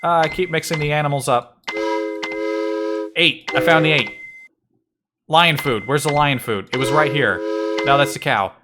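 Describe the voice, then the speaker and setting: A man's voice: a little high, moderate pace, pauses often, very noisy. A man streaming a video game, muttering to himself in wry, slightly frantic casual commentary.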